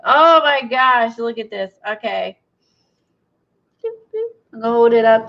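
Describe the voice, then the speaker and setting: Chatty woman with a gravelly voice. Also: on the high side, slow pace. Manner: chatty, gushing, thinks aloud. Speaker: craft video host. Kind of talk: casual crafting chat. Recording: dull lo-fi sound.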